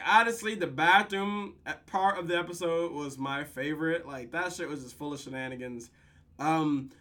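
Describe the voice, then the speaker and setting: A podcast host, casually and profanely recapping a TV episode with lots of laughter, tired late at night. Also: medium pitch. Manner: profane, laughing, animated retelling.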